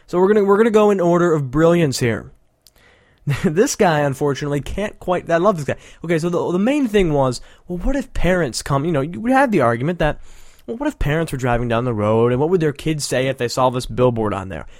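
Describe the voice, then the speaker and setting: A man's voice: fairly high pitch, lively intonation, fairly quick, a little mellow, no echo, studio quality. A man hosting a show, giving casual, sarcastic, rambling commentary with frequent laughter. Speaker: podcast host.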